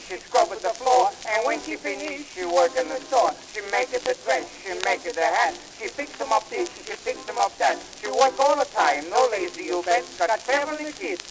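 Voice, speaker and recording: A man singing as a boastful Italian immigrant in a put-on mock Italian accent, with rapid broken-English patter in a 1920s comic novelty song. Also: extremely high pitch, low-quality recording.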